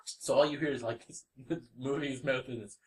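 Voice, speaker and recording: A man's voice: mid-range voice, steady tone, a little fast, a little mellow. A man co-hosting a gaming podcast, rambling through a game story with lots of "like" and giggles. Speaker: podcast co-host. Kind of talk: casual gaming chat, telling a game story. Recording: echoey room, distant mic.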